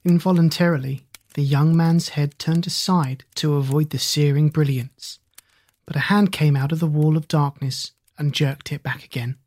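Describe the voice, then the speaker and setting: A man reading a hard-boiled crime story aloud in a measured storytelling voice. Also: a little high, fairly even intonation, a little mellow. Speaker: narrator. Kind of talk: audiobook narration.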